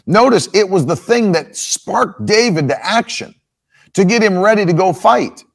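A man preaching a sermon, reading scripture and explaining it with emphatic, drawn-out stresses. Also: high-pitched, expressive, vocal fry. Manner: emphatic, slows down to stress points. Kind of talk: expository sermon.

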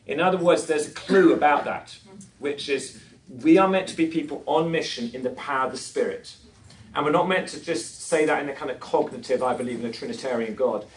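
Speaking briskly in a fairly high voice, this man delivers a preaching talk before a live crowd, mixing self-mocking anecdotes with questions for listeners. He's a conference speaker, recorded from a distant mic that catches reverb and faint noise.

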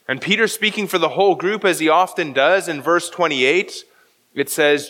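A man's voice: fairly high pitch, normal speed, sharp tone, big-room sound. A man preaching a sermon as pastor, walking through a scripture passage verse by verse and explaining the original Greek.

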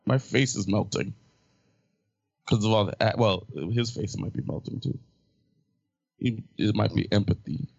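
A man's voice: on the low side, steady tone, moderate pace, creaky, darkish tone, no room sound. A man hosting a casual movie chat podcast, teasing and laughing often. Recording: dull lo-fi sound.

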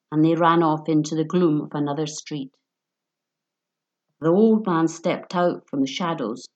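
Woman reading a story out loud, pretty slow, lowish voice, calm and even. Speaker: narrator. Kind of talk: scripted story narration.

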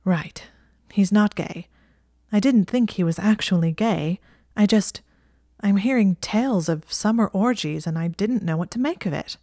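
A woman's voice: mid-range voice, measured pace, warm tone, no room sound, clean studio sound, pitched above the performer's own voice. A woman voicing an anxious, embarrassed young witch who speaks hesitantly. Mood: flustered.

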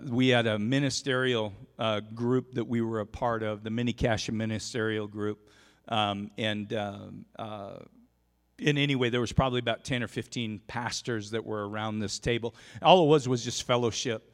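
Animated pastor preaching in a reverberant church. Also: male voice, medium pitch, normal speed. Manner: animated, shouts in storytelling peaks. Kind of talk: sermon with storytelling. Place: church sanctuary.

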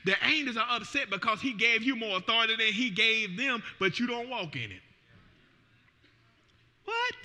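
High, bright preaching man in a hall. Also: fairly quick, few pauses. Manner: animated preaching, voice swelling and dropping. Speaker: pastor. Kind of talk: sermon. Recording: long reverb of a church hall.

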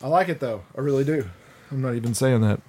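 A man's voice: mid-range voice, quick pace, darkish tone. A man casually chatting on a podcast, tasting a beer and rambling with jokes and frequent laughter. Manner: joking, rambling, laughs often. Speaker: podcast co-host.

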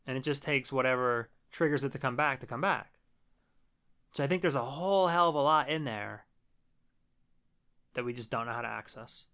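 A man co-hosting a casual podcast walks through a film's plot. His voice is bright and forceful. He swears freely and tells it in an animated way. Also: medium pitch, normal speed, pauses often, clear, resonant tone. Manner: profane, animated storytelling. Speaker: podcast co-host. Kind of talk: casual conversation recapping a film.

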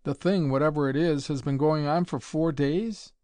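A man's voice: a little high, moderate pace, mellow, dry recording, clean studio sound, lightly acted. A man doing a curt, irritable young physicist. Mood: impatient. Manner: curt, annoyed.

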